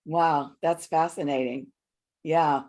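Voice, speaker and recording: A woman hosting a spiritual group on a video call, soft-spoken and reassuring. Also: low voice, steady tone, takes it slowly. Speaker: host of a spiritual group session. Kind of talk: calm group facilitation.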